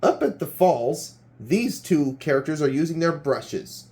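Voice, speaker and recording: A man's voice: on the high side, expressive, unhurried, warm tone. A man hosting a homemade quiz show role-play, reading clues with hesitant hums and restarts. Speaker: game show host.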